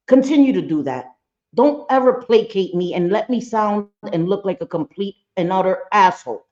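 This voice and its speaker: With dull audio, a woman of medium pitch talks fairly quickly in an expressive, darkish voice. She's a reaction channel host reacting live to a played clip, casual and blunt, swearing freely and emphatically repeating herself.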